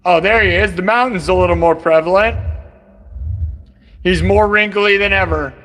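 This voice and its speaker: A man's voice: sits high, normal speed, fairly bright tone, long reverb tail. A man hosting a livestream, chatting casually to viewers in an amused way. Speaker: livestream host.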